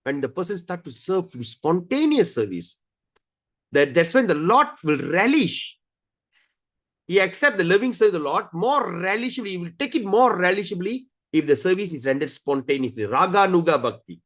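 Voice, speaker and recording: In a high-pitched voice at a moderate pace, a scripture teacher works through a study lecture, often restarting sentences and repeating key terms. His delivery is animated, and he performs the stories with character voices.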